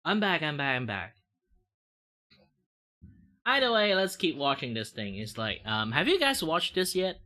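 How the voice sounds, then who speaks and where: Bright-toned Malaysian man, rambling stream chat. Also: fairly high pitch, huge pitch swings, measured pace, pauses often. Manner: rambling, loose grammar, many fillers. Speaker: VTuber streamer. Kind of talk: casual chat while drawing on stream.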